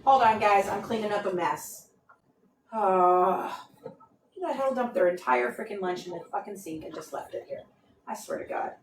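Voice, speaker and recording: A woman's voice: medium pitch, moderate pace, a little hiss or hum. A woman ranting profanely on a home livestream, moving around her kitchen and calling out to people in the house. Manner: profane, ranting, scattered, talks to viewers. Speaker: livestream host. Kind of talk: casual livestream rant.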